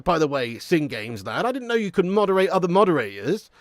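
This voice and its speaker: A man hosts a live football watch-along, his voice sitting slightly high. He talks in quick, excitable banter and laughs often as he answers chat. The sound is dry and close. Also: dry recording. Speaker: live stream host watching a football match.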